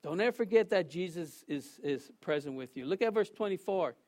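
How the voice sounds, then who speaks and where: A man's voice: high voice, lively intonation, fairly quick, darkish tone. A pastor preaching a sermon to his congregation, emphatic and repeating phrases for emphasis, putting questions to the listeners.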